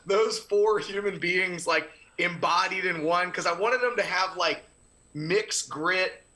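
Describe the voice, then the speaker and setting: A man chatting as a podcast guest, his voice slightly high and very bright and forward. He talks in an animated way, laughs easily and swears casually. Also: slow.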